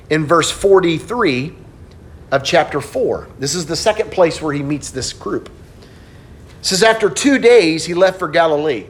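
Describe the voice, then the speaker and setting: In this sermon, a middle-aged pastor tells stories, dropping into hushed, low tones at times and breaking into animated outbursts at others.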